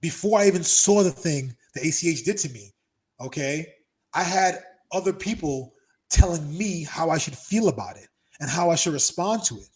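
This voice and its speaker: A middle-aged man talks through a relaxed podcast conversation with a voice pitched a bit high for a man. He tells stories with lots of energy and loudly acts out what other people said. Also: moderate pace. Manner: animated storyteller, acts out quotes loudly. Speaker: podcast host. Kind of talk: casual chat. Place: Los Angeles.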